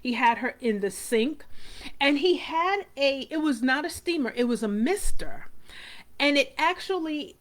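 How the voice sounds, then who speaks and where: Host: middle-aged woman, fairly high voice, chatty and rambling, talks straight to viewers. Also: animated, a little slow. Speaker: hair care show host. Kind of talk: casual live talk to viewers.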